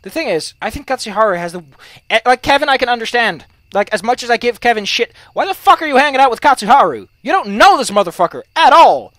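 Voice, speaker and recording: A let's play commentator rants about game rules, heated and full of profanity. The voice is bright and pitch swings widely. The sound is dry and close. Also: fast talker, no echo. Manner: profane, heated, animated ranting. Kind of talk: gaming commentary, ranting.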